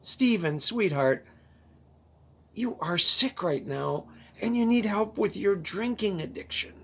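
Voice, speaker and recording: A storyteller voicing a steadfast, pleading wife with an earnest manner and a husky voice. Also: medium pitch, animated, slow pace, pushed and bright, pitched above the performer's own voice, heavily acted.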